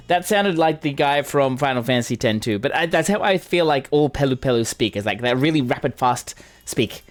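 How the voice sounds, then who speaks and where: A man playing through a game and commenting casually, with excitable, gushing exclamations. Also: medium pitch. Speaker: gamer streamer. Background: game music.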